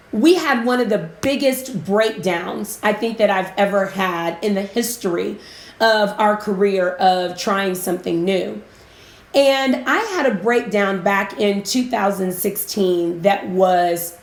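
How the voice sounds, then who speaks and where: A woman coaching business owners on a live broadcast, chatty and emotional, giving shout-outs to viewers. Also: mid-range voice. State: emotional, near tears. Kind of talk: casual live-stream talk. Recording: roomy echo.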